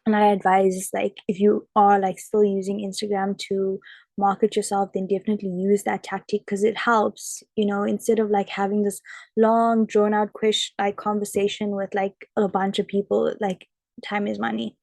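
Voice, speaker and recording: A young woman chats to camera in a relaxed storytelling vlog, peppering her talk with "like". Her voice is soft and mellow, with a gravelly fry at the ends of phrases. The sound is dry and close. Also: medium pitch, moderate pace, no room sound. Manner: chatty, frequent "like" fillers. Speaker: vlogger and model. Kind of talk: casual storytelling chat.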